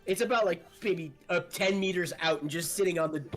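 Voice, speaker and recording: A man narrating a tabletop game as game master, relaxed with many fillers. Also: high voice, a little fast, soft background music.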